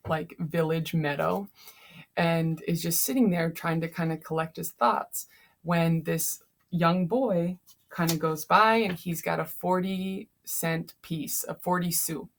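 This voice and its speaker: Tired, gravelly woman teacher. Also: lowish voice, steady tone, takes it slowly. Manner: chatty, frequent fillers. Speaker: teacher summarizing a novel. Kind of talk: casual lesson summary.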